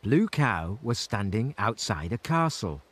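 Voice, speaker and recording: A gentle, expressive storyteller narrating a children's cartoon story. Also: medium pitch, a little slow. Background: music.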